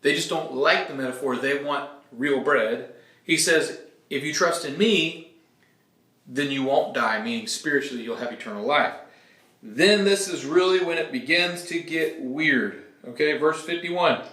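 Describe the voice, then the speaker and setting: A pastor leads a relaxed Bible study with a bright, forceful voice pitched a little high. He explains passages plainly and keeps asking "okay?" to bring listeners along. The sound is roomy and echoey. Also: a little slow. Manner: casual, explanatory, checks in with "okay?". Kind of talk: conversational Bible teaching. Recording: echoey room.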